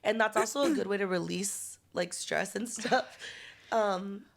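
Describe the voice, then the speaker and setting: Gravelly young woman telling a wild story. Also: medium pitch, a little slow. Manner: animated storytelling, swears freely, laughs often. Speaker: podcast co-host. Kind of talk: casual chat.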